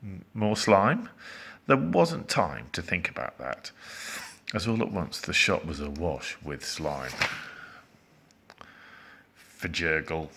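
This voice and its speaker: Man reading a children's story, deep voice, lively intonation, dramatic pauses. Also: creaky, a little hiss or hum. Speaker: teacher reading aloud. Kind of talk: storybook read-aloud.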